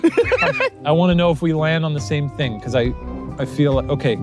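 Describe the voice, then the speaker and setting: A woman's voice: low-pitched, normal speed. A woman hosting a livestream, chatting casually in a playful, teasing way and laughing often. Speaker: streamer host. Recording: music playing underneath.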